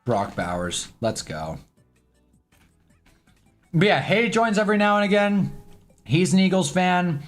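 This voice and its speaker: A man's voice: high voice, very animated, a little slow, pauses often, soft background music. A man hosting a casual live sports stream at his own desk mic, loose and chatty, swearing now and then and talking to his chat.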